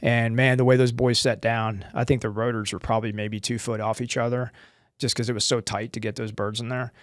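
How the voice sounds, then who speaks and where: A man's voice: medium pitch, dry recording, clean studio sound. A middle-aged American man, a former Marine guest, telling a combat story in a casual interview and acting out the dialogue. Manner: animated, acts out dialogue in quick bursts.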